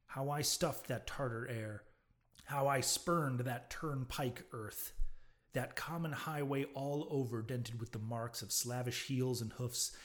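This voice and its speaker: A man reading a classic novel aloud, in a measured, declamatory way. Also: medium pitch, darkish tone. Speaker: narrator.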